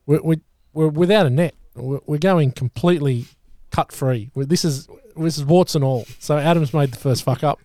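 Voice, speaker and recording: A man hosting a podcast in casual chat, relaxed and often restarting his words. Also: a little high, normal speed, few pauses. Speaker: podcast host.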